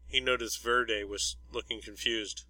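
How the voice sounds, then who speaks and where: A man reading a story aloud as narrator, in an even, unhurried storytelling way. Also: on the low side, dry recording, rough recording. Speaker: audiobook narrator. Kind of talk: scripted narration.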